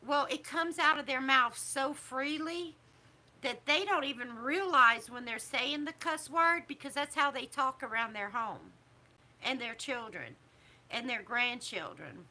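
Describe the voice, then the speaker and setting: A middle-aged woman, talking casually to camera as a vlogger in a disapproving, preachy way with drawn-out emphasis. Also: high-pitched, animated, sharp tone. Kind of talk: casual opinion talk to camera.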